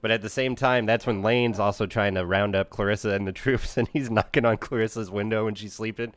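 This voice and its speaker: A man's voice: lowish voice, fairly even intonation, a little fast, no room sound. Guy on a podcast rambling about a movie, laughs and swears a lot, dry close sound. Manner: laughs often, swears, acts out movie lines. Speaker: podcast co-host. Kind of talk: casual movie discussion.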